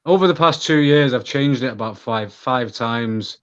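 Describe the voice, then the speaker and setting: A man with a Manchester accent talks casually as a podcast guest, rambling and relaxed. His voice sits at an ordinary pitch. The audio is slightly dull and lo-fi. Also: normal speed. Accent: Mancunian. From England. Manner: chatty, talks about himself in a relaxed, rambling way. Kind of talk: casual conversation.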